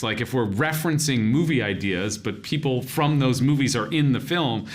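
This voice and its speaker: A man's voice: mid-range voice, normal speed. A man, a filmmaker guest on a podcast, chatting with frequent restarts and laughter. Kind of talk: podcast interview.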